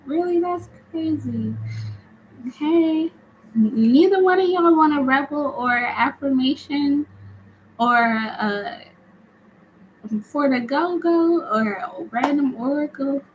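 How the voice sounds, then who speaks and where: Slow-talking, laughing woman tarot reader. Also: high voice, highs cut off, a little hiss or hum. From United States. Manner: chatty, laughs often, reads viewers' comments aloud. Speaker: tarot reader hosting a live stream. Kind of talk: casual live-stream chat.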